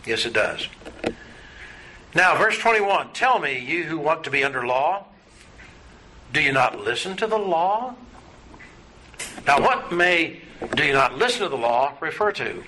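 A man's voice: a little high, big pitch swings, a little slow, pauses often, bright, forceful tone. A man teaching a Bible study class, asking his students questions in a patient, folksy way. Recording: noisy room recording.

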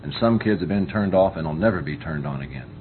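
A man's voice: low voice, lively intonation, quick pace. A middle-aged man preaching a conversational sermon on parenting, folksy, often asking whether listeners understand. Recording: tinny phone-like recording with faint hum.

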